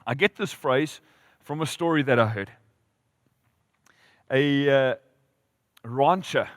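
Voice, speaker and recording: A man preaching a sermon as pastor, telling stories with lively rises and drops in volume. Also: mid-range voice, no room sound, clean studio sound, big-room sound. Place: church hall.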